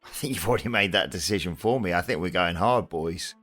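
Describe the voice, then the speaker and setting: A man's voice: low voice, a little fast, a bit bright, soft background music, pitched below the performer's own voice. A man voicing a brash young male pro wrestler, blustering and stammering. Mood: defiant. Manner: blustering, stammering when scared.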